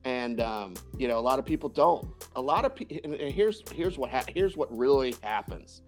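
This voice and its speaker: Animated, foul-mouthed male dating coach. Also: medium pitch, normal speed, faint music behind. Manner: animated, profane, laughs often. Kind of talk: podcast interview answers.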